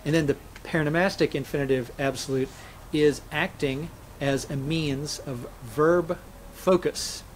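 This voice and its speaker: A man's voice: fairly high pitch, a little hiss or hum, low-quality recording. A man, a scholar and interview guest, explaining grammar methodically and illustrating points with spoken examples.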